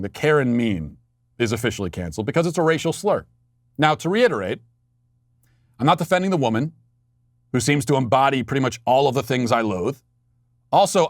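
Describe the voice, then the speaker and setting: A male podcast host talks through his commentary in a sarcastic, mocking tone, often restarting his sentences. His voice sits at a middling pitch. The studio sound is dry, with no room echo. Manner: frequent fillers and restarts. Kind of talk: political commentary monologue.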